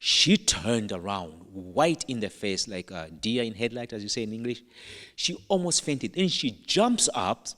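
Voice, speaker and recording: A Catholic priest with an African accent, preaching a sermon as a playful, humorous storyteller with dramatic pauses. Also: male voice, on the low side, very animated, bright, forceful tone, big-room sound.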